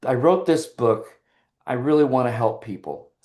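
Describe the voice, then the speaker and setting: An older man, a podcast guest, telling personal stories in a relaxed interview and acting out the lines of others. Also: mid-range voice, moderate pace. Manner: animated storyteller who acts out quoted dialogue. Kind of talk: casual interview storytelling.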